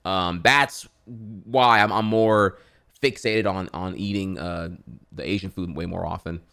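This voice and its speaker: A man's voice: low-pitched, unhurried, vocal fry, bright, forceful tone, clean tone. A man in his thirties with a Louisiana accent, rambling and swearing while chatting on stream. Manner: profane, rambling, many restarts. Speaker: streamer reacting to videos. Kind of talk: casual rambling chat.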